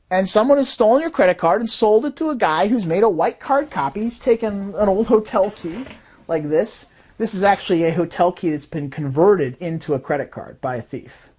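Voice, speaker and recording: An animated woman giving an explanatory talk. Her pitch swings widely, rising and dropping as she acts out little quoted voices. She sits in the middle of the usual range for a woman. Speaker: fraud detection systems designer.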